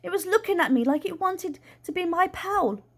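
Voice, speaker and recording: A woman voicing an excitable, eccentric father in a read-aloud storybook, with high yelps and cries. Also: normal speed. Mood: pleading.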